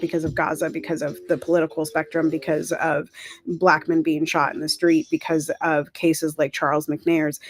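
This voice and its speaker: A woman's voice: sits low, a little mellow, dry recording. A woman hosting a casual livestream, talking in a chatty, encouraging way, correcting herself as she goes, her throat dry. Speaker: livestream host.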